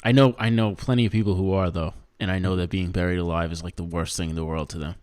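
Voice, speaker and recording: A man's voice: deep voice, fast. A man with a Canadian accent chatting casually on a podcast, joking around and laughing often. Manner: laughs often, jokey and animated, lots of fillers. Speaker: podcast co-host.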